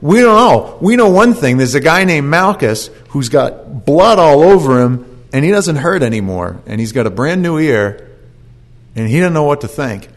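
Male preacher, sermon delivery, folksy animated storyteller, mid-pitched voice. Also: moderate pace.

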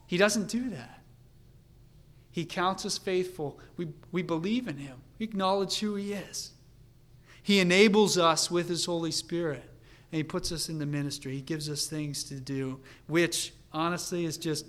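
A man preaching a sermon in an earnest way, dropping to a quiet, confiding tone and then building to a fervent pitch. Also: normal speed. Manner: earnest, swings from hushed to fervent.

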